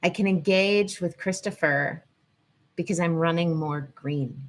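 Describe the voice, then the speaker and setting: A woman's voice: lowish voice, unhurried. A woman hosting a live-stream lesson, chatting and greeting viewers as she goes. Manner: chatty, digressive, greets viewers mid-talk. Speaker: host and teacher on the nervous system. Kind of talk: live-stream teaching talk. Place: at home in Colorado.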